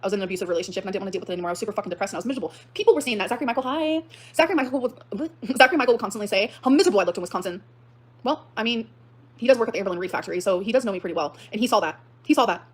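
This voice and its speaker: A young woman livestreaming, reacting with fast, heated, profane outbursts that swing up to shouting. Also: medium pitch, animated, husky. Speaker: livestreamer reading and reacting to a post. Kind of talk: emotional livestream rant.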